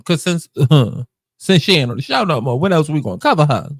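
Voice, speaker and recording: A man's voice: a little high, big pitch swings, a little fast, husky, dry recording, clean studio sound. A man with a New York accent hosting casual commentary, blunt and swearing freely. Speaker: commentary host.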